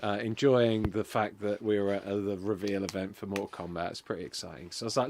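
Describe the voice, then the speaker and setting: A man and podcast co-host telling an absurd, exaggerated comic story in an animated, deadpan way. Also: fairly low pitch, quick pace, hardly any pauses. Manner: animated, deadpan tall-tale telling with sudden jumps in volume.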